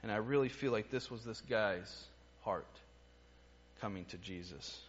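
A man preaching a sermon in an earnest way. His voice goes from emphatic lines to hushed, quiet ones. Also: fairly low pitch, measured pace, muffled recording.

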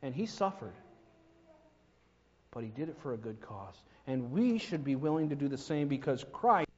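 A man's voice: medium pitch, lively intonation, moderate pace, darkish tone. A man preaching a sermon in a church, telling stories and driving his points home with emphasis. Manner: storytelling, rising to emphatic peaks. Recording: long reverb, dull lo-fi sound.

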